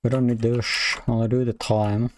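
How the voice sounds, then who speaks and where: A man's voice: medium pitch, level tone, a little slow, no echo. A man streaming himself as he codes, thinking aloud in clipped half-sentences to himself and swearing when things break. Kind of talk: muttering to himself while coding. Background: keyboard typing.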